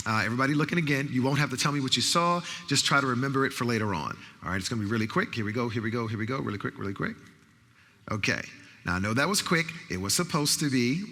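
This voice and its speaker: A man's voice: medium pitch, bright, forceful tone. A man who is a college professor giving an interactive training talk to a conference audience, calling for responses and repeating phrases to rally the crowd. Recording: long hall reverb.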